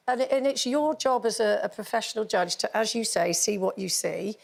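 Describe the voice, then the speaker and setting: A woman on a chat show panel talking animatedly and launching into a lively rant. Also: mid-range voice, normal speed, gravelly. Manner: animated, rants with laughter. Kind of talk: casual studio chat.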